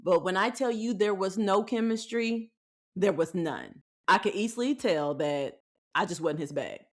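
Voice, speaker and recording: A woman in her thirties hosting a podcast, giving frank faith-based dating advice in a folksy, animated way, acting out what people said. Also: mid-range voice, moderate pace. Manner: animated storytelling with acted-out quotes; folksy, frank, laughs often. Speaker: podcast host.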